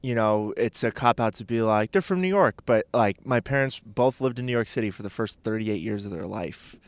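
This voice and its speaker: A man's voice: lowish voice, fairly even intonation, brisk, dry recording. A man chatting casually as a podcast guest, rambling and hesitant with lots of filler words.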